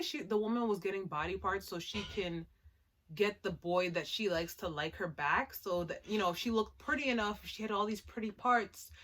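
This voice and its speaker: Woman vlogging an anime recap, lively and chatty, bright voice. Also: mid-range voice. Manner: chatty and animated, lots of "like", laughs at the plot. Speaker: anime reviewer. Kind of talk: casual episode recap.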